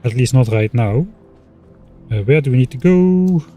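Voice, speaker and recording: A man streaming a game and thinking aloud in a casual, relaxed way, often pausing with filler words. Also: medium pitch, soft background music. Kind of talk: casual gameplay commentary.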